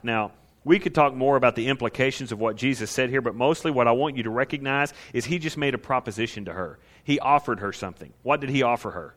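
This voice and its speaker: A male pastor preaching an animated sermon who asks the audience questions and acts out scenes. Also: mid-range voice, brisk.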